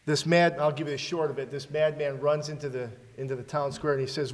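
A man's voice: fairly high pitch, brisk, hardly any pauses. Man, preacher, sermon, rhetorical questions, church hall, long reverb. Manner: rhetorical questions to the congregation, dramatic readings.

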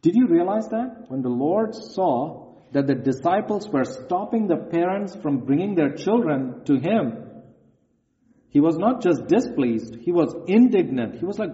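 A man's voice: high-pitched, expressive, measured pace, dark tone. A man preaching a sermon in an earnest, emphatic way, reading scripture aloud. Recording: echoey hall, dull lo-fi sound.

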